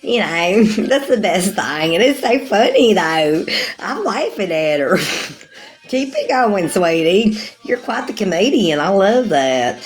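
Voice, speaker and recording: A woman's voice: mid-range voice, very animated, takes it slowly, soft background music. A woman in her forties chatting casually with livestream viewers, rambling, calling them sweetie and laughing often. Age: 40s.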